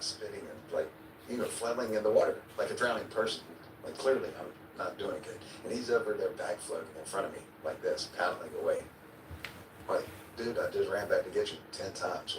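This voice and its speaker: A man being interviewed, telling a vivid story in a casual way, acting out his own quotes and now and then swearing or chuckling. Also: low-pitched. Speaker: interview guest. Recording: echoey, distant, noisy replayed clip.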